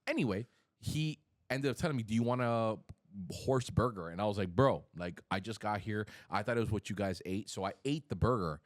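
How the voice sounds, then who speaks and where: A man's voice: lowish voice, animated, brisk, dry recording, clean studio sound. A young man co-hosting a podcast, telling a travel story in a jokey, slangy way. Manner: jokey, slangy, puts on silly voices. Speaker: podcast co-host. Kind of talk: casual chat, storytelling.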